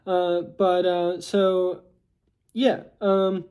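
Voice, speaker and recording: A man's voice: sits high, level tone, extremely slow, a little mellow, smooth. A young American man recapping a movie plot in a casual, rambling way, full of fillers and restarts. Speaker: movie reviewer.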